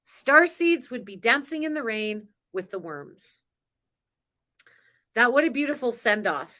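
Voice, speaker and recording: Woman host of a spiritual live stream. Chatty, emotional, laughs often, slightly high voice. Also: lively intonation, unhurried, bright, forceful tone. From grew up on a farm. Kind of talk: casual live-stream talk.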